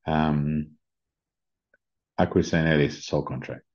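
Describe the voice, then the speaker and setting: A middle-aged British man with a very deep voice hosts a spiritual podcast, speaking gently and earnestly with frequent fillers and self-restarts. The recording sounds slightly dull and muffled. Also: fairly even intonation, moderate pace. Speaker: podcast host. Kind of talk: casual spiritual podcast talk.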